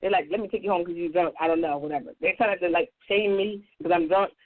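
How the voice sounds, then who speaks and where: A woman on a radio talk show telling a personal story in a casual, profane, animated way. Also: fast talker. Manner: animated, profane, acts out quotes in a higher voice. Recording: tinny phone-like radio audio.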